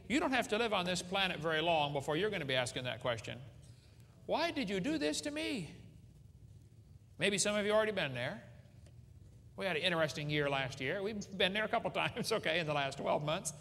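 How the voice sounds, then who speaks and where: Man, middle-aged, folksy joking preacher, animated pitch, long hall echo. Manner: folksy, joking, asks the audience questions. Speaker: creationist speaker. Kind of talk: humorous seminar preaching to a live audience. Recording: hall reverb with faint ambience.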